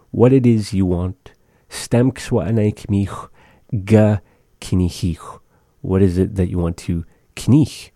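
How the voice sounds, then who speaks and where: A man with a very deep, very dark, mellow voice hosts a radio segment from a studio. He walks listeners through short phrases, repeating each one slowly and carefully. The mic sound is close and dry. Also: no room sound. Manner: slow, careful repetition of phrases. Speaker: radio host teaching language phrases. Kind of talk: casual radio talk with language lesson.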